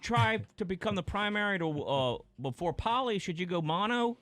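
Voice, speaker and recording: A man's voice: high voice, lively intonation, moderate pace, fairly bright tone, no echo. A man on a morning radio show, firing teasing questions at the others in casual studio banter.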